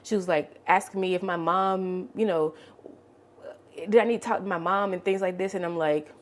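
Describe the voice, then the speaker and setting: A woman's voice: on the low side, fairly even intonation, normal speed. A woman in her late twenties, vlogging and telling an emotional personal story, with many "like" fillers. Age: 20s. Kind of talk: storytime while cleaning.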